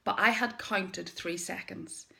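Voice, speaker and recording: Lively woman telling a motivational story. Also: on the low side, vocal fry. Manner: lively, emphatic storytelling with dramatic pauses. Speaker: direct-sales business owner. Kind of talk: motivational personal story to camera.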